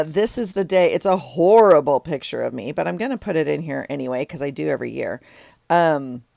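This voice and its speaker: A middle-aged woman with a low, creaky, darkish voice talks casually while crafting in her journal. She wanders from topic to topic and pokes fun at herself, in a dry, studio-quality recording.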